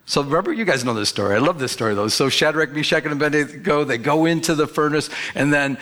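A man's voice: a little high, fast talker, a bit bright. A pastor preaching a sermon in a conversational way, often asking his listeners questions. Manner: conversational, asks the audience questions.

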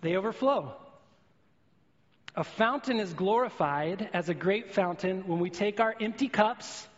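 High-pitched guy preaching, earnest, lots of illustrations, big echoey church, kinda muffled audio. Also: measured pace. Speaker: pastor. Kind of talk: sermon. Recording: long hall reverb, dull lo-fi sound.

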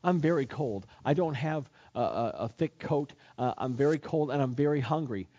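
Man playing a coaxing sly rattlesnake, husky, muffled lo-fi recording. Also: mid-range voice, normal speed, mellow, natural voice. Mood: wheedling. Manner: wheedling, pleading. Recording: dull lo-fi sermon recording.

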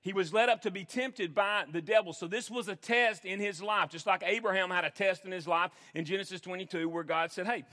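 Emphatic high-voiced man preaching in a hall. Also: brisk, few pauses, pushed and bright. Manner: earnest, emphatic, repeats phrases for stress. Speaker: pastor. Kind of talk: sermon. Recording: long hall reverb.

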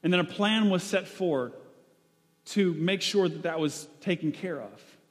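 A man's voice: high voice, unhurried. A man preaching a sermon in a conversational way, with frequent fillers and restarts. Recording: long hall reverb.

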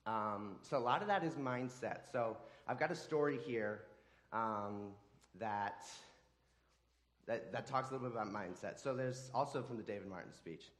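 A man giving a sermon, talking in a halting way with frequent repeated words and restarts. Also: mid-range voice. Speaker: preacher.

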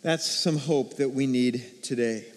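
A man preaching a sermon as pastor, energetic and calling for responses from his congregation in a church sanctuary. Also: medium pitch, measured pace. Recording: long hall reverb.

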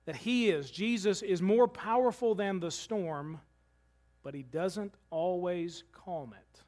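A man's voice: high-pitched, slow, a little mellow. A male pastor delivering a conversational sermon to his church, mixing scripture reading with humorous asides.

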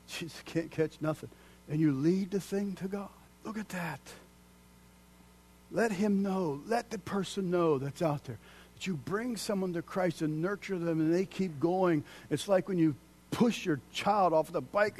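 Male pastor, sermon delivery, slightly higher-pitched voice, dynamic from shouted emphasis to hushed whisper. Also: expressive, normal speed, husky. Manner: dynamic preaching, swings from loud declaiming to hushed near-whisper.

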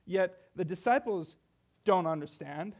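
High-voiced young male preacher. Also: expressive, measured pace, darkish tone. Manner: earnest, rhetorical questions, reads scripture aloud. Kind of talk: sermon.

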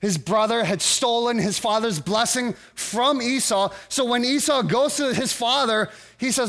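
A man preaching a sermon in a high, light voice. He speaks earnestly and haltingly, and often stops to restart his sentences. He sounds middle-aged. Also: fairly bright tone. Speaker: pastor.

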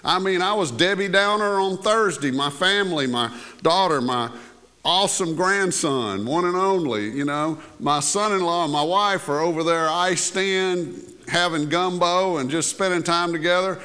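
A man's voice: high voice, normal speed, pushed and bright. An older male pastor delivers a sermon in a church. His delivery is folksy and conversational, full of asides and fillers. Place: church sanctuary.

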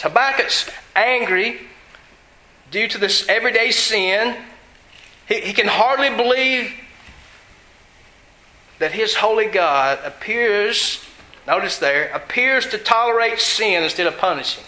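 A man's voice: high voice, animated, measured pace, pauses often, bright, forceful tone, echoey room, low-quality recording. A man preaching a sermon in an earnest, conversational way, often asking his listeners questions.

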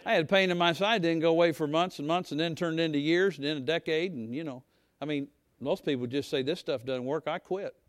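Man, middle-aged pastor, folksy conversational sermon, slightly high voice, dry close mic. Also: fairly quick, dry recording. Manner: folksy preaching, talks to the congregation, rising to shouts.

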